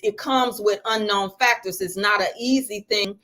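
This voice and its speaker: A woman's voice: medium pitch, normal speed, pushed and bright. A middle-aged woman teaching on spirituality in a live stream, preacherly and full of rhetorical questions.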